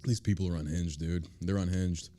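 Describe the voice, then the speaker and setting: A man's voice: low-pitched, fairly even intonation, moderate pace, warm tone, a little hiss or hum. A man hosting a podcast, talking in a sarcastic, profane way and slipping into mocking voices. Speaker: podcast host. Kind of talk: crude political comedy chat.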